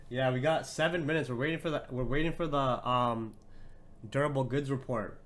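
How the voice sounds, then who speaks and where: A man's voice: medium pitch, unhurried, fairly bright tone. A young man hosting a trading livestream, talking to his chat in a brash, profane, mocking way and laughing often.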